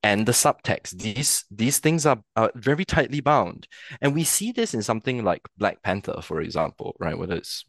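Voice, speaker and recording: A man's voice: on the low side, animated, normal speed, no echo. A man from Singapore, a theatre practitioner, explaining ideas as a podcast guest, thinking aloud and often checking in with "right?". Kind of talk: reflective conversational explanation.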